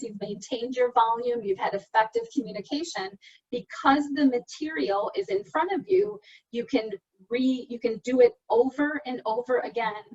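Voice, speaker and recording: A woman's voice: sits high, husky. A woman speech therapist presenting to an online support group, explaining exercises patiently, step by step, over a video call. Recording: dull lo-fi call audio, from a distance.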